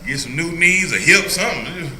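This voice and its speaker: A man's voice: fairly high pitch, lively intonation, moderate pace, bright, forceful tone, reverberant, slight background noise, poor audio. An older man leading an informal Bible study as a pastor, joking and laughing often as he teaches. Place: church hall.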